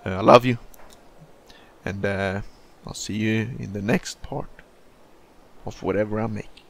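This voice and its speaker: A man's voice: fairly low pitch, fairly even intonation, unhurried, vocal fry, pauses often, slight background noise. A man giving casual gaming commentary, rambling and swearing, often scolding himself. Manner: profane, self-critical, rambling. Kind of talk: casual let's play commentary.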